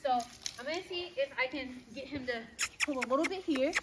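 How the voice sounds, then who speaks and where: A woman dog trainer explaining obedience to viewers while working with her dog, firm and brisk, with frequent tag questions. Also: sits high, very noisy. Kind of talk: outdoor training demonstration.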